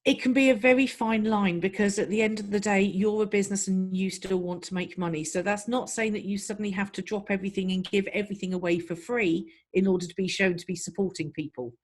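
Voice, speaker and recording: A middle-aged woman, a guest in an interview, giving practical marketing advice in an even, steady way. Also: mid-range voice, quick pace, few pauses. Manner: practical, advising, even-paced. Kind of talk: interview answers.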